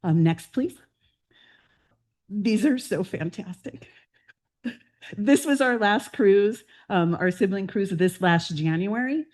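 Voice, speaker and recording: A woman in her fifties, president-elect of a club, talking casually and warmly through family photos at a meeting, with frequent "um"s. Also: medium pitch, expressive, slow pace, pauses often. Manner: chatty and heartfelt, with fillers and laughs. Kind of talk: personal slideshow talk to a club meeting. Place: meeting room.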